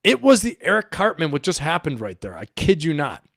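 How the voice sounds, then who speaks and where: A man's voice: fairly high pitch, huge pitch swings, fairly quick, creaky, a bit bright, dry recording, clean studio sound. A middle-aged man hosting a livestream, telling a story in a rambling, profane way and laughing often. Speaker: livestream host and coach.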